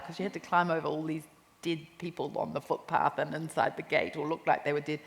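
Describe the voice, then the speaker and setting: A woman with a New Zealand accent, a cookbook author telling lively anecdotes in a stage interview at a live festival talk. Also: sits low, fairly quick. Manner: animated anecdotes with quoted voices and laughter. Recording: reverberant hall with faint noise.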